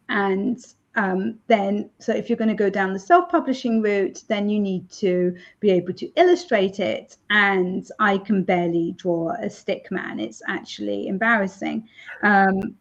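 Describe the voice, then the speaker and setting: A woman author chatting in an interview, laughing often and filling pauses with ums. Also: medium pitch. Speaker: romance author, interview guest. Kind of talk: casual interview chat. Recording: dull lo-fi sound.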